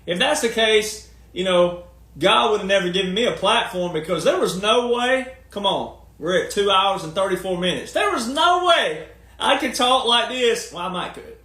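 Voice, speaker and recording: Emphatic folksy man with a high voice. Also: animated, moderate pace, sharp tone, reverberant. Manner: folksy, emphatic, rhetorical questions. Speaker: commentator and speaker. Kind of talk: long casual monologue.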